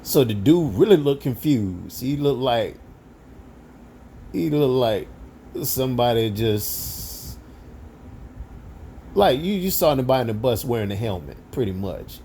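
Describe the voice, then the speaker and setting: A man casually telling a story from work, rambling along with lots of "you know" fillers and relaxed everyday slang. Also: mid-range voice, a little slow, pauses often, a little hiss or hum.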